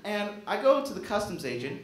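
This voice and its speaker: A man's voice: high-pitched, brisk. A young man doing a self-mocking stand-up comedy set on a small theater stage. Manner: animated, self-mocking, jumps into silly voices. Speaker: stand-up comic. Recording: roomy stage sound.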